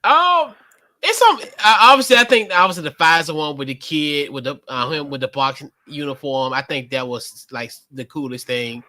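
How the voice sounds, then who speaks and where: A podcast host with a fairly high voice and a bright, forceful tone, speaking in casual chat. He halts and repeats himself as he goes. The sound is dry and close. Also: animated, moderate pace, no room sound.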